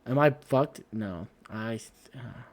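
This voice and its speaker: Guy streamer ranting and swearing a lot, rambly casual chat. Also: medium pitch. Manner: profane, rambling, heavy swearing; rants with quick asides.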